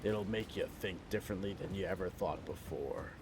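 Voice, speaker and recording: A man voicing a grizzled, hardened male war veteran, speaking low, slow and grim. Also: background noise, close to an everyday voice.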